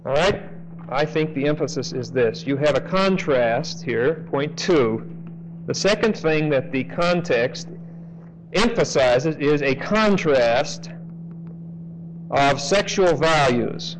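A man's voice: fairly high pitch, lively intonation, slight background noise, rough recording. Conversational male Bible teacher. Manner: conversational, checks in with "okay?", slows to stress key phrases. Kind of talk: expository sermon.

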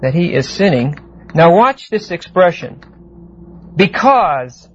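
A man teaching a verse-by-verse Bible class, explaining Greek words deliberately and often asking the class "see?". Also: fairly high pitch, very animated. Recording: muffled lo-fi classroom tape with faint hiss.

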